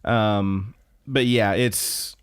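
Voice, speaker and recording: A man's voice: lowish voice, steady tone, extremely slow, clear, resonant tone, dry recording, clean studio sound. A man casually recapping anime episodes as a podcast co-host, rambling with lots of fillers and swearing. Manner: rambling, profane, frequent fillers.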